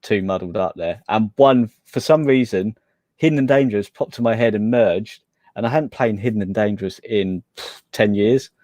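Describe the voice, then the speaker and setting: A man's voice: fairly low pitch, normal speed, a little mellow, no room sound, clean studio sound. A man co-hosting a gaming podcast, hesitant, often trailing off and restarting. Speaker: podcast co-host. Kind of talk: casual chat.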